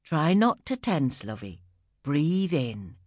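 Narrator doing a gentle nun midwife, soft and soothing, patient, audiobook reading, dry close sound. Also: female voice, low-pitched, sing-song, slow pace, dry recording, exaggerated voice.

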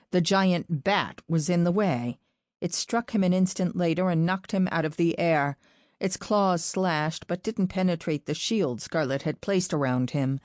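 A woman narrating a fantasy audiobook in a steady, even storytelling manner. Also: fairly low pitch, dry recording, studio quality.

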